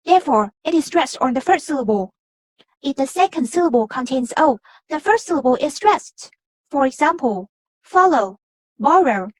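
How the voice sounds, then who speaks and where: A young woman from Vietnam, a student, reading a class presentation on word stress in a measured, explanatory way. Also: sits high, animated, darkish tone, no room sound. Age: young adult. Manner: measured, explanatory, reads from a script.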